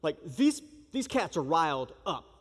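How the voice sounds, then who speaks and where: A man preaching a sermon in an animated, joking way, acting out the shouting crowd as he tells the story. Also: fairly high pitch, measured pace. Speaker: pastor. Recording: long reverb of a large hall.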